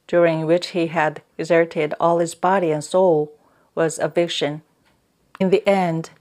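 A woman narrating an audiobook in a slow, measured reading voice. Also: on the low side, darkish tone. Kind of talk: scripted narration.

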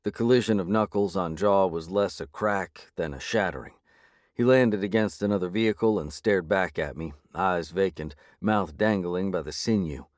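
A man reading a first-person audiobook in a measured, gritty way. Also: low-pitched, no room sound, clean studio sound. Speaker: audiobook narrator.

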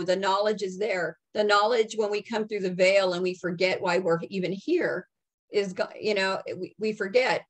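A woman working as a psychic medium, relaying messages in a halting, soft-spoken way with many restarts. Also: mid-range voice. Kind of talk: channeling messages in casual chat.

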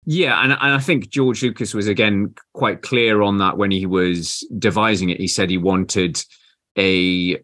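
A man with a low voice talks through a film in easy podcast chat. He often stops, restarts and searches for words as he goes. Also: fairly even intonation, measured pace, fairly bright tone. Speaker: podcast co-host.

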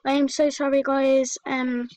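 Frustrated female vlogger: high voice, slow and drawn-out delivery, rants at her tech and keeps saying sorry to viewers. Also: level tone, a little mellow, dry recording, rough recording. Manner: exasperated, ranting at her laptop and apologizing to viewers. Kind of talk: frustrated vlog rant.

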